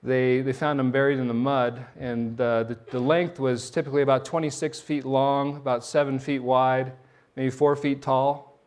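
A middle-aged man, a pastor, preaching a sermon in an animated storytelling way, often restarting and repeating words. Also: mid-range voice, normal speed.

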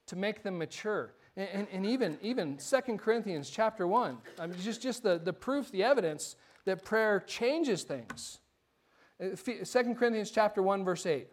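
Pastor guy preaching, high voice, chatty storytelling, says words twice. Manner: conversational storytelling, repeats words. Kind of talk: sermon. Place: church.

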